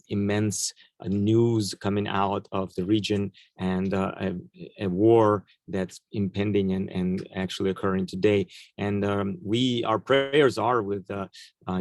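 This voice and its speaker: Gravelly, hesitant male host. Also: fairly low pitch, a little mellow, no room sound. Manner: hesitant, many fillers. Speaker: event host introducing a guest. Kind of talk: live event introduction.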